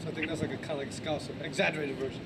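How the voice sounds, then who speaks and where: A man with an American accent boasting about his accent impressions in a video, slow and full of street slang. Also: a little high, fairly even intonation, background noise. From United States.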